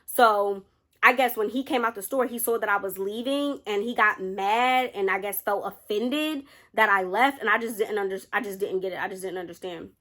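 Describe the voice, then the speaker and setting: Young woman vlogger, bright tone, lively casual storytelling straight to camera. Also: medium pitch, normal speed. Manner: animated, addresses viewers as y'all, quotes others. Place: indoors under a studio light.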